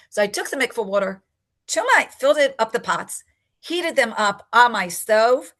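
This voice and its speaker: An older woman, telling a personal story in a lively way and acting out what people said. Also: mid-range voice, gravelly. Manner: animated storyteller, acts out quotes. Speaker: rebbetzin and mikveh attendant.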